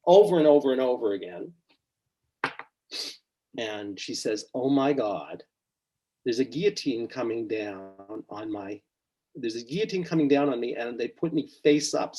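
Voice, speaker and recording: Middle-aged guy, therapist on a podcast, husky voice, gets really animated acting out what his client said. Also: mid-range voice. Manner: animated, acts out quotes with rising intensity. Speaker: psychotherapist guest. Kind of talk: storytelling in a podcast interview.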